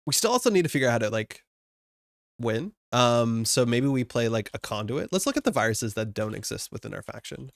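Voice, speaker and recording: A young Canadian man from Alberta thinks aloud on a live stream, chatty and self-mocking. His voice is gravelly, and his pitch jumps around a lot. The sound is close and dry. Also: very animated, brisk, no room sound. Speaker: streamer building a card game deck. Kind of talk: casual live-stream chat.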